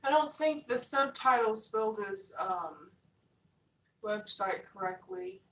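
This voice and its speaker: Brief: woman host, slow dry commentary, a bit high, far from mic in a roomy space. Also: expressive. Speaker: reaction channel host.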